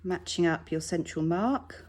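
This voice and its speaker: A woman's voice: lowish voice, unhurried, darkish tone. A woman teaching a sewing tutorial from her home sewing room, chatty and reassuring as she works. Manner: chatty, reassuring, self-deprecating asides. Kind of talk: relaxed tutorial talk while working.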